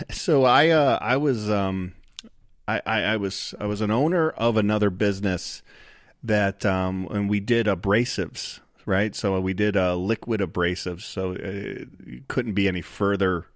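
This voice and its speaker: Man in his forties, podcast guest, lower voice, lots of restarts and stammers, dry close sound. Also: unhurried, no room sound. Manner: stammering, animated storyteller. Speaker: podcast guest, donut shop owner. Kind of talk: casual chat.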